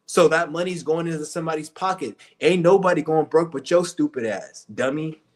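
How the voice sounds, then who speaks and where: A man's voice: on the high side, a little fast, darkish tone. Profane, ranting male vlogger. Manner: blunt, profane, heated ranting. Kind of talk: casual rant to camera.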